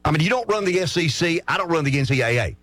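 Man, sports talk commentator, animated pitch, slightly raised voice, argumentative, rhetorical questions, dry close sound. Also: fast, no echo. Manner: argumentative, poses rhetorical questions and answers them.

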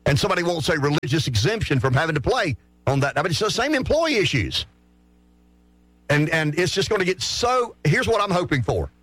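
A man holds forth on a sports talk show, his somewhat high voice swinging up and down with lively emphasis. He argues his points hard, tossing out rhetorical questions and answering them himself. The sound is close and dry. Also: brisk, breathy edge, dry recording.

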